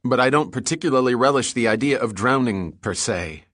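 A narrator putting on a wry male archaeologist, higher and brighter than the narration, quick and joking. He talks lightly for an audiobook captive. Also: lively intonation, dry recording, clean studio sound.

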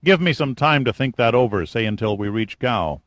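A man's voice: medium pitch, lively intonation, normal speed, fairly bright tone, no room sound, close to an everyday voice. A man voicing a cocky, unflappable boat captain in an audiobook, teasing and confident. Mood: cavalier. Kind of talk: audiobook character voice.

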